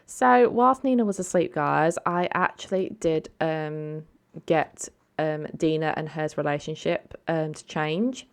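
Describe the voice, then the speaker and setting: A woman's voice: low voice, measured pace, creaky, clean tone. A woman hosting a let's play, giving casual, chatty game commentary and talking to her viewers. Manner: chatty, many ums and asides to viewers.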